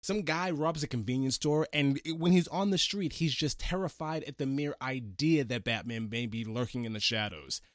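A man's voice: mid-range voice, dry recording, clean studio sound. A man hosting a casual movie review chat, enthusiastic and gushing, often stammering as he restarts his sentences. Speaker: podcast host.

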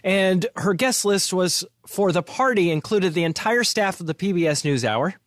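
A man's voice: sits high, lively intonation, normal speed, dry recording, studio quality. A man hosting a finance podcast, chatting casually and laughing often as he retells stories. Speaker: podcast host.

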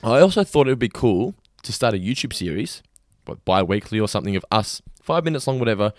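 An enthusiastic man chats on a podcast, swearing casually as he talks. He speaks quickly, and his pitch rises and falls a lot. The recording is dry and close. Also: sing-song, darkish tone, no room sound. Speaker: podcast co-host.

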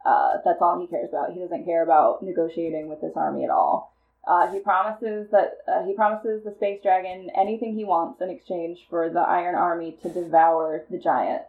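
Low-voiced woman rambling through a pitch. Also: steady tone, moderate pace, phone-quality sound. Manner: rambling storyteller, laughs often, many fillers. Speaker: podcast co-host pitching a movie sequel. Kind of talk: casual comedic chat.

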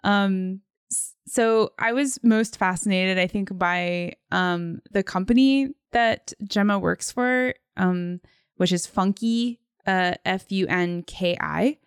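A woman's voice: mid-range voice, takes it slowly, clear, resonant tone, dry recording, studio quality. A woman co-hosting a movie podcast in casual chat, giggly and rambling with many fillers. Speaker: podcast co-host.

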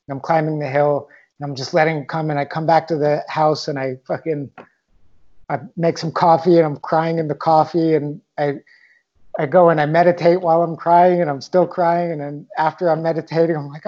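Brief: candid, reflective male storyteller, even-toned delivery, slightly dull lo-fi recording. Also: a little high, moderate pace. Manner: candid, reflective, swears casually. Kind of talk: personal storytelling monologue.

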